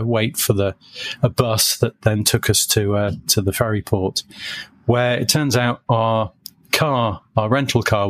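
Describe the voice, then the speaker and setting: A man's voice: on the low side, a bit bright, no room sound. A man, a guest on a podcast, telling rambling, wry anecdotes in casual conversation. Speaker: guest, magazine editor.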